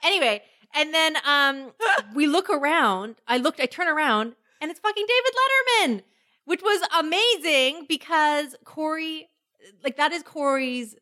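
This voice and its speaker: A woman co-hosting a casual chat, telling stories in an animated way, swearing freely and acting out what people said. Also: high voice, unhurried. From Canada.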